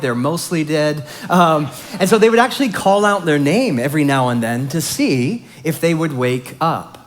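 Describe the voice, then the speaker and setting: A man teaching a Bible study, reading scripture softly and explaining it in an earnest, conversational way. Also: on the high side.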